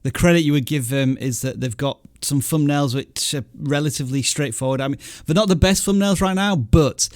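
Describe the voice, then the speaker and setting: A man's voice: on the high side, brisk, few pauses, no room sound, clean studio sound. A man hosting a casual livestream, chatty and laughing often as he reads viewer messages aloud. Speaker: livestream host.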